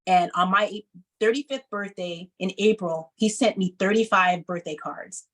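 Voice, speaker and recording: Woman, thirties, personal storytelling, animated, acts out quotes, mid-pitched voice. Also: unhurried, low-quality recording. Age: 30s. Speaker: speaker. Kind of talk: personal story told to an audience.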